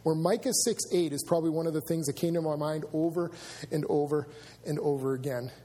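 Pastor guy with a high raspy voice, chatty sermon, big echoey church hall. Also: a little fast, dark tone. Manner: conversational preaching with asides to the congregation. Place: church sanctuary.

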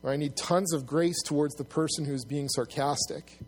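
A male pastor with a somewhat high voice delivers his sermon in an earnest, conversational way. He stops and restarts his phrases often as he works through his points. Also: fairly even intonation, moderate pace, husky. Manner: earnest, restarts often, rises loud and high when acting out mockers.

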